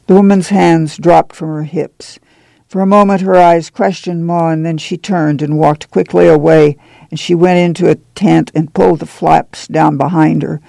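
Gravelly dark-voiced male narrator. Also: a little high, moderate pace, dry recording, rough recording. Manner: even storytelling read. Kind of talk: audiobook narration.

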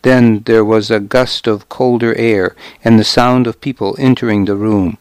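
Male narrator, first-person audiobook, gruff, measured, dry studio. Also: on the low side, steady tone, no room sound.

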